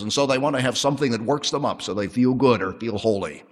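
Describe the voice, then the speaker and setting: A man preaching a sermon with measured, emphatic delivery, slowing to stress key words. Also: mid-range voice, big-room sound. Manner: measured emphatic preaching, drops to soft prayer.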